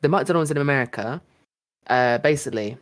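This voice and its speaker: A man from the United Kingdom hosting a podcast, chatting casually in quick rambling bursts with lots of fillers. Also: mid-range voice. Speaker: podcast host. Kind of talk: casual chat.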